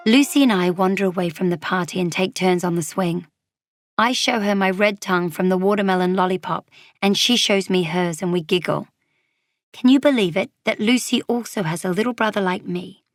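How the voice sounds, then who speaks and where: A woman reading a children's storybook aloud, gently and expressively in a child's voice of narration. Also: mid-range voice, vocal fry.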